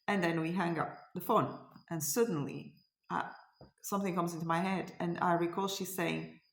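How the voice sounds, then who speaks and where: A woman's voice: lowish voice, steady tone, moderate pace, roomy sound. A middle-aged woman from Portugal with a Portuguese accent, telling a story in a casual vlog, hesitant and searching for words. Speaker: cross stitch vlogger.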